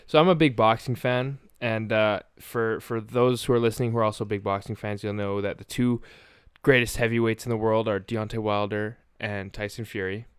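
A man with a low, smooth, resonant voice co-hosting a casual sports podcast. He talks in a measured way and trails off at the ends of his thoughts. The sound is close and dry. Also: fairly even intonation, dry recording. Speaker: podcast co-host.

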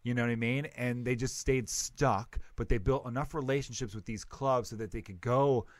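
A man's voice: mid-range voice, steady tone, normal speed, no room sound. A man hosting a comedy podcast, talking bluntly and with plenty of swearing in casual chat. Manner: blunt, profane, opinionated.

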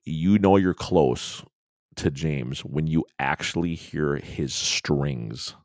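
This man's voice is extremely low and slow as he co-hosts a podcast, cursing freely and animatedly telling stories in a casual conversation. The sound is clean studio quality with no echo.

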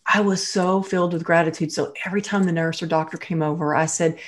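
A middle-aged woman telling a personal story in casual chat, animated and jumping up high when she quotes people or laughs. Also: a little fast, hardly any pauses.

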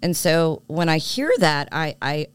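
A woman's voice: sits low, animated, a little slow, clean tone, dry recording. A woman co-hosting a podcast in casual chat, candid and self-assured, talking through her points with lots of asides. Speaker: podcast co-host.

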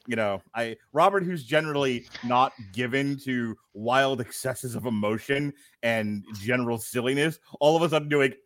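A middle-aged man co-hosting a casual movie-review podcast, excitable and rambling, full of fillers and laughter. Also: medium pitch, normal speed, few pauses, no echo. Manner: rambling storyteller with many fillers. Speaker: podcast co-host.

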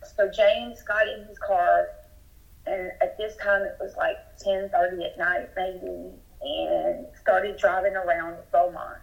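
Speaking slowly with vocal fry, a woman from Texas relays her own story as a guest in a careful, sincere way that gains urgency. Her pitch is fairly low and barely moves, heard through a muffled telephone connection.

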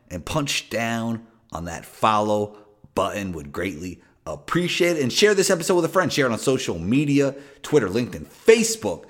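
A man hosting his own podcast, reading an upbeat promotional intro and then chatting easily with a guest. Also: mid-range voice. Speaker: podcast host.

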